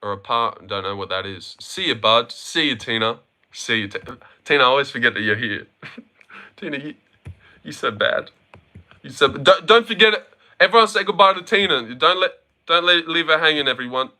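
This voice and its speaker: A man's voice: medium pitch, expressive, moderate pace, sharp tone. A young man hosting a casual livestream, reading viewer comments, joking and swearing as he banters with his chat. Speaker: livestream host reacting to viewers.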